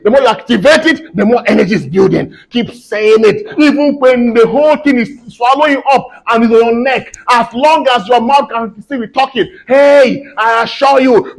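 A man's voice: very high voice, gravelly, low-quality recording. A man preaching a sermon in church, emphatic and repetitive, asking the congregation to fill in his questions.

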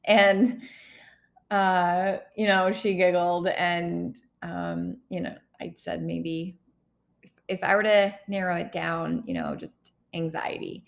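A woman in her thirties talking candidly in a personal vlog, halting and close to tears as she opens up. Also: on the low side, vocal fry. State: holding back tears. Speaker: healthcare worker vlogger.

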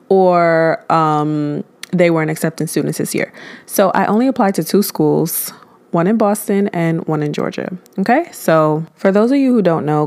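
A woman in her twenties hosting a podcast, telling a personal story in a candid, animated way and acting out her own past thoughts. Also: on the low side. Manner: candid, animated retelling with lively quoted self-talk. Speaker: podcast host.

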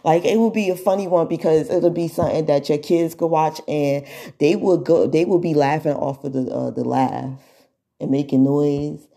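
Husky low-voiced woman ranting to viewers. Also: moderate pace. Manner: animated, laughing often, mocking imitations of others. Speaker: social media influencer. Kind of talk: casual monologue to viewers.

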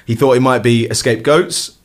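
A man's voice: medium pitch, steady tone, moderate pace. A man from North London, co-hosting a casual podcast chat, playful and prone to stammered restarts. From England (North London). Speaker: podcast co-host.

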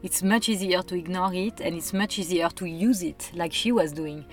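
A woman's voice: lowish voice, normal speed, darkish tone. A woman, earnestly making her case in a casual conversation. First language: French. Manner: earnest, emphatic, persuasive.

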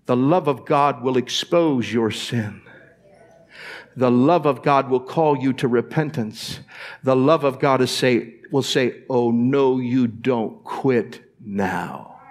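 A man's voice: medium pitch, measured pace. A man preaching a sermon as pastor in a church, talking straight to the congregation and asking them to answer back. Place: church sanctuary.

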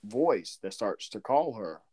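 A man's voice: fairly low pitch, slow. A man from Southern Georgia with a faint Southern accent, co-hosting a podcast and telling stories in a rambling way with frequent laughter. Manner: rambling, laughs often, lively storytelling. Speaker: podcast co-host. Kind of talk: casual chat.

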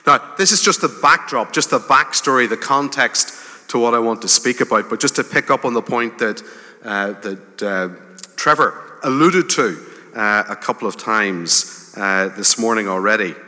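A man's voice: mid-range voice, moderate pace. Man preaching in a reverberant hall. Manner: conversational, with gentle humor and rising emphasis. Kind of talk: sermon.

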